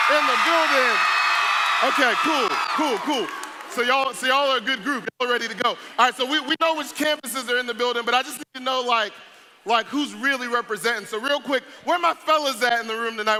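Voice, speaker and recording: Young male emcee, high and bright, playful crowd banter, noisy live hall. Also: a little fast. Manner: playful, hype, joking with audience. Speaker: youth event speaker. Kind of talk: energetic stage talk to a crowd. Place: large event hall with audience. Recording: noisy live event recording.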